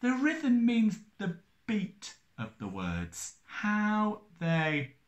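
A man teaching a recorded lesson, counting out syllables and beats in a slow, sing-song way. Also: sits high, wildly swooping pitch, reverberant.

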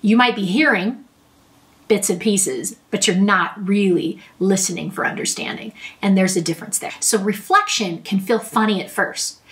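A woman's voice: medium pitch, normal speed, fairly bright tone, far from the mic. Woman therapist giving a casual lesson. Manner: friendly, conversational, explains with examples. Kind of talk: talking-head advice lesson.

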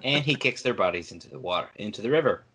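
Lively sarcastic male podcaster. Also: on the low side, quick pace, slight background noise. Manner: sarcastic, mocks with put-on voices. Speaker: podcast co-host. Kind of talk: casual book discussion.

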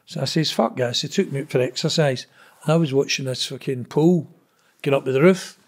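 Speaking fairly quickly at a medium pitch, a middle-aged Scottish man from Glasgow spins casual stories as an interview guest. He rambles and swears bluntly, regularly adding "know what I mean".

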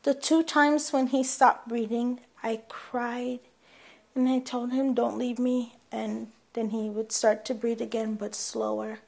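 A bereaved mother slowly and plainly recounting her son's last moments in an interview. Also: a little high, flat delivery, creaky, a little mellow. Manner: slow, plain, heartfelt storytelling. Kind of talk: documentary interview.

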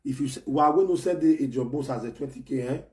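A man ranting to his fans in an excitable, scolding way, repeating himself and bursting into shouts. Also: medium pitch, fast talker. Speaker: online personality ranting to fans. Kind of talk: animated pidgin rant.

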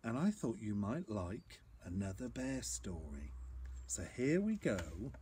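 Slow, lively man reading a picture book. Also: fairly low pitch, slight background noise. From England. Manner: animated, slow, expressive reading for children. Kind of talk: storybook reading.

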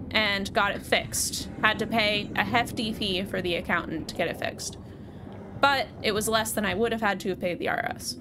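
Woman from the us, streamer, chatty, rambling, laughs often, steady hum behind. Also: medium pitch. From United States. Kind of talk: casual live gaming chat.

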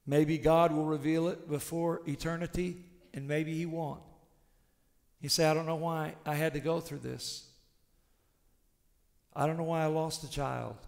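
A male pastor preaching a sermon with passion, swinging between shouted declarations and hushed, intimate tones. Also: on the high side, fairly even intonation, unhurried, vocal fry, pauses often, long reverb tail.

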